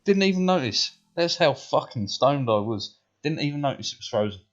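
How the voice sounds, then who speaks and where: A man's voice: medium pitch, animated, brisk. A British man in his thirties, a streamer rambling through profane personal stories and checking in with "right?" all the time. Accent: British English. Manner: rambling, heavily profane, says "right?" a lot. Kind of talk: casual storytelling while gaming. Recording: dull stream audio, faint music.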